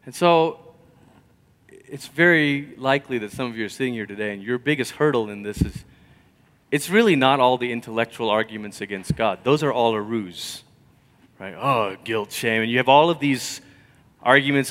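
A man preaching a sermon, telling stories conversationally and swinging from loud emphasis to near whispers. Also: medium pitch, expressive, moderate pace. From Malaysia. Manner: storytelling, conversational. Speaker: pastor.

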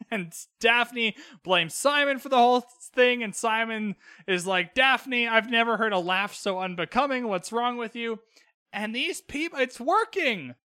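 A man's voice: very high voice, sharp tone, dry recording, clean studio sound. A young man from Canada recapping a show on his solo podcast, chatty and cheeky. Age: young adult. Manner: chatty and cheeky, quick quoted asides. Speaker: podcast host.

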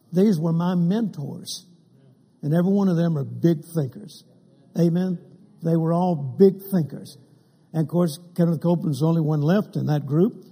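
A man's voice: a little high, mellow, slightly rough. An older man preaching a sermon, telling humorous stories and acting out the quotes of the people in them. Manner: humorous anecdotes with acted quotes. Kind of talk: sermon storytelling. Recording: long hall reverb.

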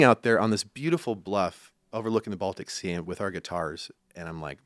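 A man's voice: low-pitched, a little fast, no room sound, clean studio sound. A young man from Iowa, a country musician, telling stories in a casual interview, rambling with fillers and restarts. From Iowa, USA.

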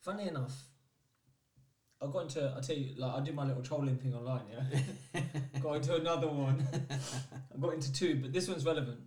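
A man from Scotland co-hosting a casual chat, telling stories in an animated way with plenty of swearing. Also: medium pitch, fairly quick, recorded from a distance. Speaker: podcast co-host. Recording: roomy echo, off-mic.

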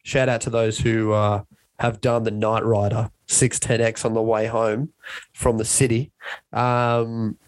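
A man's voice: fairly low pitch, level tone, a little slow, dry recording. A young man casually telling a rambling, self-mocking story in a chat with a friend.

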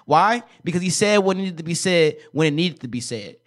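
Slightly high-voiced male podcast host, affirming and encouraging, preacher-like rhythm. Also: animated, fairly quick, fairly bright tone. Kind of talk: casual interview.

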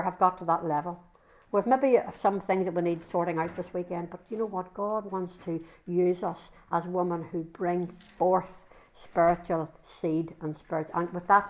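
A middle-aged woman speaking at a women's conference, giving a fervent testimony sermon with frequent restarts. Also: lowish voice.

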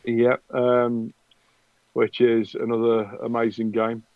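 A man's voice: mid-range voice, monotone, takes it slowly, dry recording, phone-quality sound. A man with a cold, hesitantly wrapping up a game stream as game master. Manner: hesitant, many ums. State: has a cold. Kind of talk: casual stream wrap-up.

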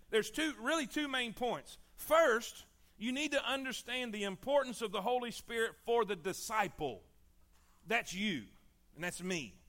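A man's voice: very high-pitched, sharp tone. A man preaching a sermon as pastor, repeating his phrases and calling on the congregation to answer back.

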